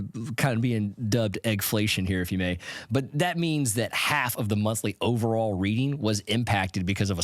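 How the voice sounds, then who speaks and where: A man with a low, deep voice hosts an educational finance podcast in a loose, conversational way, restarting sentences now and then. He sounds close to the mic in a dry, dead room. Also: no room sound. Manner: conversational, stumbles and restarts, chuckles at points. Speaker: podcast host. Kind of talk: casual educational monologue.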